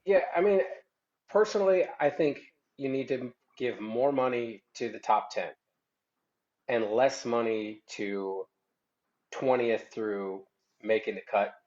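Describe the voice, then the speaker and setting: Podcast guest, mid-pitched man, rambly and halting, dull lo-fi audio. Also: a little mellow. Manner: rambling, trails off and restarts. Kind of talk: casual chat.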